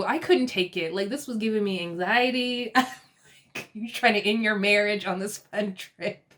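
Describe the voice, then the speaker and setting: A woman in a mid-range voice chats her way through a reality show recap. She laughs often and lifts her voice into quick, lively bursts whenever she acts out a quote. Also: medium pitch. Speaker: TV recap vlogger. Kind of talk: casual episode recap.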